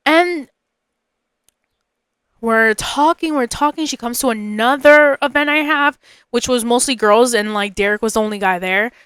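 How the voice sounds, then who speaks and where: A woman's voice: on the high side, normal speed, fairly bright tone, clear, resonant tone, no room sound. A young woman hosting a podcast, telling a personal story in a chatty, rambling way, full of fillers and asides. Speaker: podcast host.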